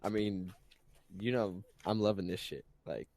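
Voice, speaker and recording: A man's voice: fairly low pitch, unhurried, darkish tone, no echo. A man co-hosting a casual podcast, easygoing and agreeable, chiming in with his own take. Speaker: podcast co-host.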